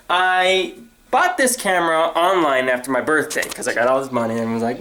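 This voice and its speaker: A man's voice: mid-range voice, normal speed, a little hiss or hum. A young man venting sarcastically to his new camera in a comedic rant, recorded on the camera's own mic. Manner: animated, sarcastic, mimics others in silly voices. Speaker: vlogger. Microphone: built-in camera mic.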